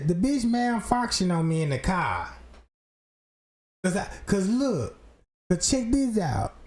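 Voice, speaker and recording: A man telling a profane comic story in heavy street slang, acting out other voices as he goes. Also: high-pitched. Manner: slangy, animated, acts out voices.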